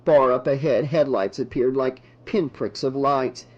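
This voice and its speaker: A man reading a horror novel aloud as an audiobook narrator, in measured, dramatic narration. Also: medium pitch, lo-fi sound.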